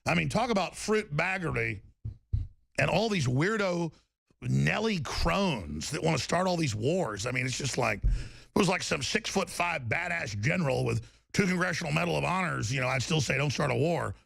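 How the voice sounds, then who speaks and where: Man, talk radio host, heavy vocal fry, very dry studio sound, emphatic ranting delivery. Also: on the high side, lively intonation, moderate pace, fairly bright tone, no echo. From Texas. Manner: ranting, emphatic, repetitive restarts. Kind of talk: political talk radio monologue.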